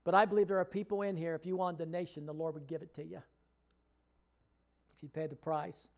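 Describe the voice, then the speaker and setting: A man's voice: a little high, level tone, fairly quick, muffled recording. A man preaching a sermon to a congregation, fervent and rising to emphatic readings of scripture. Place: church hall with congregation.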